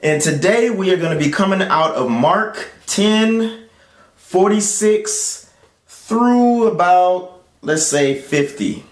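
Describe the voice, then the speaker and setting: A man's voice: expressive, slow pace. Man preaching in an echoey room. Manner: rises in pitch to act out crowd voices; conversational, with fillers and restarts. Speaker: host and preacher. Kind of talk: casual sermon with scripture reading.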